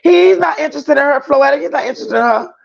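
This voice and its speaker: A man's voice: extremely high pitch, fast, gravelly. A man hosting a livestream, chatting emphatically with his viewers and reading their comments aloud. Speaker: livestream host. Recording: dull lo-fi stream audio.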